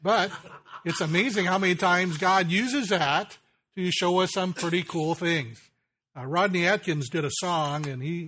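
A man preaching a sermon in a folksy way, slowing down to stress key lines. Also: a little high, fairly bright tone. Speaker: pastor.

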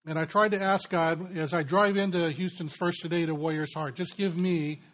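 A middle-aged man preaching to a men's gathering. His voice sits a little high for a man. He tells stories in an earnest, conversational way. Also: fairly even intonation, normal speed, fairly bright tone. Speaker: pastor. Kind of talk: sermon.

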